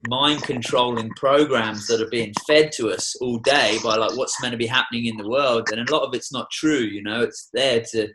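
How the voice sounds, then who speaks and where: A young Australian man, a tour guide, is a guest in a podcast studio, speaking passionately and in a preachy way while swearing heavily. His voice sits at a medium pitch and moves at a normal speed with few pauses. Background noise is audible throughout this casual podcast conversation.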